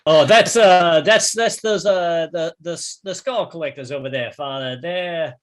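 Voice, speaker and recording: A man's voice: fairly high pitch, unhurried. A man playing a tabletop game in character, stammering and flustered. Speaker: player. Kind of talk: tabletop role-play in character.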